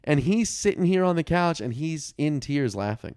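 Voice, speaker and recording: A man's voice: a little high, normal speed, clear, resonant tone, no echo, studio quality. A man co-hosting a podcast, telling a family story in casual, profane chat and acting out what people said. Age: young adult or 30s, a father. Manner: profane, animated storyteller who acts out quotes. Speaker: podcast co-host.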